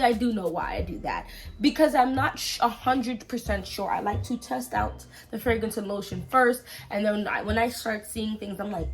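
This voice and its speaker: A chatty American woman of middling pitch talks straight to her viewers as she tries out body mists and lotions. Soft music plays faintly behind her. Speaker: fragrance vlogger. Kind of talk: casual haul review to camera.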